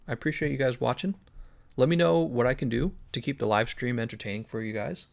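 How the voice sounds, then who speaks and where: A man live-streams a game, chatting casually, joking, thinking aloud, and answering viewers' questions as he plays. His voice is medium-pitched and creaky, and he talks fast.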